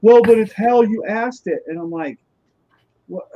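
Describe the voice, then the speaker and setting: A fairly high-voiced man rants in exasperation during casual chat, mock-quoting himself. The recording is dull and lo-fi. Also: unhurried. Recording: dull, lo-fi sound.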